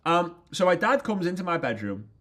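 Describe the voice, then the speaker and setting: A man's voice: high-pitched, brisk. Man giving a motivational talk. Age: 30s. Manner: lively storyteller, asks rhetorical questions. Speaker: business trainer.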